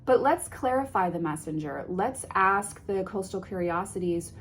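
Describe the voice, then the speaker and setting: A woman vlogging an unboxing of a card deck, reading card names softly and gushing with emotion. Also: medium pitch, animated, moderate pace, a little hiss or hum. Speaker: tarot vlogger. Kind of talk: casual unboxing vlog.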